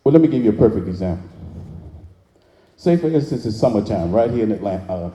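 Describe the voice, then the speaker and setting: Dark-voiced man speaking in hall. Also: fairly low pitch, expressive, fast talker. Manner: preacherly call-and-response, drawling Southern phrasing. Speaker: motivational speaker. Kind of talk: live inspirational speech to an audience. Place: large hall with audience. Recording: echoey hall, reverberant.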